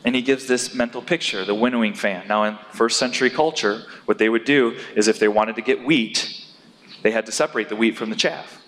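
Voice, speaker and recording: A man preaching a sermon in an animated way, rising to loud, emphatic peaks as he drives his points home. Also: medium pitch, fairly quick. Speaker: pastor. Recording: long hall reverb.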